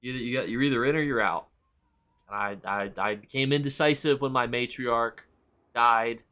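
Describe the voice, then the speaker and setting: A man streaming a game live, chatting with viewers and reacting loudly and with swearing to the action. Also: mid-range voice, fairly even intonation, moderate pace. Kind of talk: live gameplay commentary.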